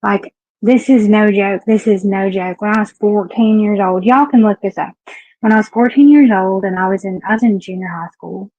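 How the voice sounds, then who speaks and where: A woman's voice: medium pitch, no echo, muffled recording. A woman from Southeastern Kentucky with a Southern accent, hosting her own live-stream talk show, chatty and frank as she greets viewers by name. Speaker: livestream talk show host. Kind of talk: casual live-stream chat.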